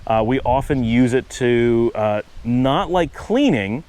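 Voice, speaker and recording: A man's voice: mid-range voice, lively intonation, slow, a little mellow, no echo, rough recording. Man with a Buffalo accent explaining. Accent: Buffalo, New York. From Western New York, USA. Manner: rambling, self-correcting, explains patiently with asides. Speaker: channel host. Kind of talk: casual explanatory monologue.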